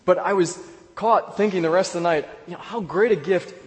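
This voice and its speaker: Pastor telling a story in an echoey hall. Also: male voice, sits high. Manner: storytelling with pauses and repeated words. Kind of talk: sermon. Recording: echoey hall with long reverb.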